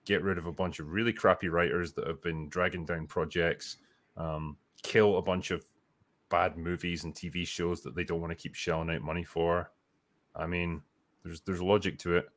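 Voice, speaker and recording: A man's voice: sits low, little pitch movement, normal speed, fairly bright tone. A man co-hosting a livestream, chatting casually with lots of fillers and reading out viewer comments. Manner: rambling, filler-heavy, swears casually. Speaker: livestream co-host reading chat. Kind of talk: casual chat.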